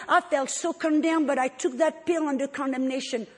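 A woman preacher giving an emotional, expressive testimony in a sermon. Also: high voice, normal speed, hardly any pauses. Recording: long hall reverb.

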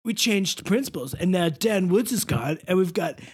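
A man's voice: high voice, lively intonation, moderate pace, slightly rough. A man voicing a laid-back surfer-bro male teacher with a drawling, goofy delivery.

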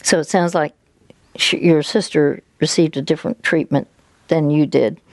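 A woman hosting a call-in advice radio show, asking calm, guiding questions. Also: deep voice, normal speed, no echo, studio quality.

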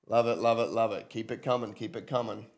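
A man, giving an energetic livestream sermon and calling on viewers to respond. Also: lowish voice, fast. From London and Australia. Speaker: preacher and business coach.

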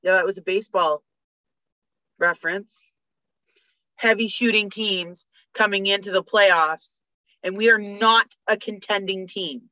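Fired-up woman, bright voice. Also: medium pitch, fairly even intonation, measured pace, long pauses, dry recording. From Canada. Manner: fired-up ranting, rattling off stats. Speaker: podcast guest. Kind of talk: casual sports chat. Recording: dull lo-fi dry recording.

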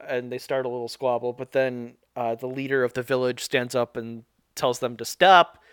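A man's voice: medium pitch, fairly even intonation, moderate pace, a bit bright, clear, resonant tone, no echo. Chatty man recapping with a dry close mic. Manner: rambling, self-interrupting, laughs often. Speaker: podcast co-host recapping a show. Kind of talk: casual chat.

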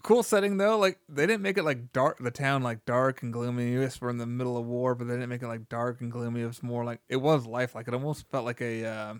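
Smooth-voiced man chatting about a film. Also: medium pitch, a little fast, hardly any pauses, dry recording, studio quality. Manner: relaxed, laughs often, quotes lines from the film. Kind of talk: casual film review chat.

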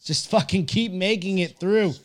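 A man co-hosting a casual podcast, loud and rambling, swearing freely. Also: high voice, moderate pace. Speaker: podcast co-host. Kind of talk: casual chat.

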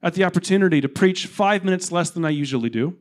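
Male pastor, slightly high voice, church platform, introducing a guest, warm, joking. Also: animated, fast. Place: church platform, in front of congregation.

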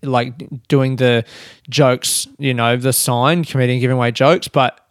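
A man talks alone into a podcast mic in his room, rambling from thought to thought and poking fun at himself, with the odd curse thrown in. His voice sits at an ordinary middle pitch. The sound is dry and close, with almost no room echo. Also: steady tone, measured pace. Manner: rambling, self-mocking, swears freely. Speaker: podcast host and comedian. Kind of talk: casual solo podcast chat. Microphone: desk podcast mic.

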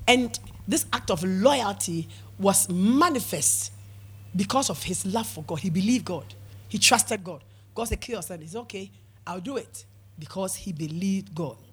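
Husky-voiced woman preaching with fervor. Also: mid-range voice. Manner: emphatic, repeats words, call-and-response amens. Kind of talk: sermon.

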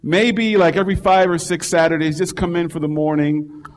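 A man's voice: on the high side, moderate pace, voice pushed up, close to an everyday voice. A man playing a company president who is apologetic but firm and keeps pressing the listener by name. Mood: apologetic insistence. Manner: pleading, insistent, keeps repeating the listener's name.

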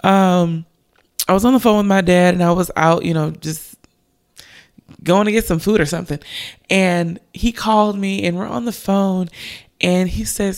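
A young woman hosting a devotional podcast, talking earnestly and encouragingly with slow emphasis. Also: fairly low pitch, steady tone, a little mellow. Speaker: podcast host.

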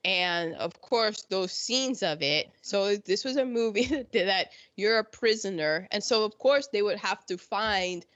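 A woman's voice: mid-range voice, animated, a little slow, few pauses, a bit bright, dry recording. An American woman hosting a casual history chat, sarcastic, often mocking people in quoted voices. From United States. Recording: dull lo-fi sound.

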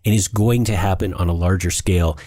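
A man's voice: deep voice, steady tone, a little fast, dark tone, dry recording, studio quality. A man co-hosting a podcast in casual talk, earnest and emphatic, often repeating his words. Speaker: podcast co-host.

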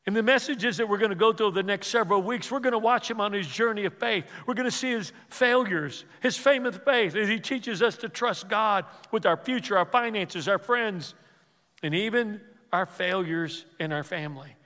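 A man preaching as pastor, telling a story with repeated words and dropping to a hush for emotional quotes. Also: high-pitched, normal speed, in a large hall. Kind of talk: sermon.

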